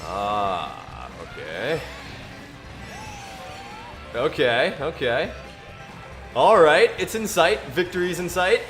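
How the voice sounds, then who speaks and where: A man streaming a racing game who reads scripture in a solemn, drawn-out way between bursts of game commentary. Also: a little high, big pitch swings, over music. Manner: slow, drawn-out mock-biblical delivery. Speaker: gaming streamer.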